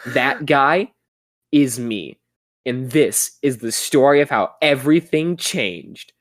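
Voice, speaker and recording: A man's voice: mid-range voice, lively intonation, no room sound, studio quality. A man doing a 90s skater kid commercial voice. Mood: mock-dramatic. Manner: drawn-out pauses, slow dramatic delivery. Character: goofy teen male skater narrating a 90s commercial. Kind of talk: podcast bit.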